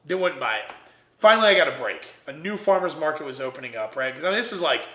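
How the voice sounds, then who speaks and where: A young man, a podcast guest, telling an animated story and acting out the voices of the people in it. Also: on the high side, fast talker, echoey room. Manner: energetic, acts out quoted voices.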